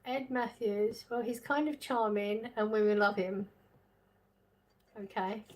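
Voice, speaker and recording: A woman's voice: mid-range voice, fairly even intonation, measured pace, darkish tone. A woman hosting a casual live stream, reading chat messages aloud, chatting and laughing often. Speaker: livestream host reading chat.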